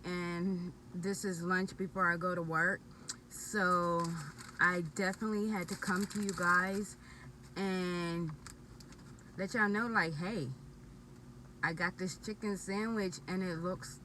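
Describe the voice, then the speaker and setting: Vlogger: expressive woman, slow easy pace, recorded on a phone in a parked car. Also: medium pitch, recorded from a distance, a little hiss or hum, low-quality recording. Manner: excited, chatty, expressive. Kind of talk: casual food review vlog.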